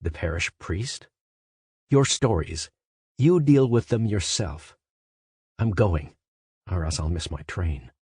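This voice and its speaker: A man reading a literary story aloud as a first-person monologue. He speaks in a measured, conversational way and then rises into sudden emphatic questions. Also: deep voice, lively intonation, a little mellow, husky, no echo, studio quality. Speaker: audiobook narrator. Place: studio booth. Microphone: close studio mic.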